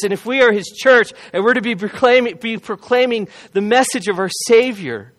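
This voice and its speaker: A man preaching a sermon as a pastor, earnest and emphatic, repeating key phrases and slowing down to stress them. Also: high-pitched, fairly bright tone.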